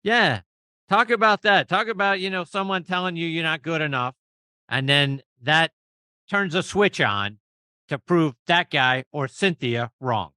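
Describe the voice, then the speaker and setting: A man's voice: fairly high pitch, unhurried, pushed and bright, clean tone, no echo. A man hosting a golf podcast, asking an upbeat interview question and laughing along with his guest. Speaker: podcast host.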